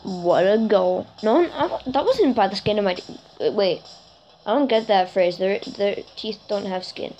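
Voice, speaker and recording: A woman giving chatty let's play commentary for her gaming channel, getting excited and keeping on apologizing for freaking out. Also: moderate pace, muffled recording, a little hiss or hum. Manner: excitable and chatty, jumps to high squeals over goals; self-conscious, keeps apologizing for freaking out.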